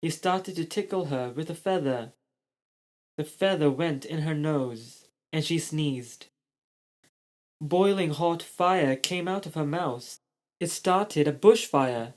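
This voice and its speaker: Slow, steady children's story reader. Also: mid-range voice. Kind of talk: reading a children's story aloud.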